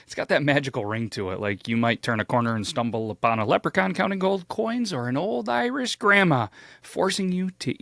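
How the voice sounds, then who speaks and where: A man's voice: mid-range voice, fairly bright tone, no echo. Playful storytelling man, dry close sound. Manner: playful, jokey, with big swoops of emphasis. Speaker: host. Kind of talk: casual storytelling.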